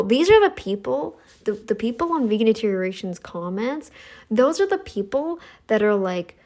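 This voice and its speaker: A woman's voice: expressive, moderate pace, darkish tone. A middle-aged woman hosting a commentary channel, talking in a sassy, scolding monologue aimed at her critics. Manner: sassy, scolding, mocks others in high voices.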